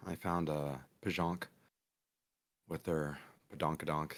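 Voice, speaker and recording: A man's voice: sits low, very animated, fast, a bit bright. A man recently woken up, rambling and correcting himself as he recounts where he went in a casual gaming chat. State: just woken up.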